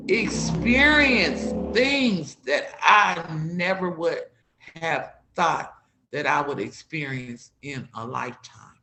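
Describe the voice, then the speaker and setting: A woman guest with a low, expressive voice speaks slowly, sharing heartfelt personal stories about her community work. She retells conversations with repeated "I said, she said," against background music in a roomy, echoing space.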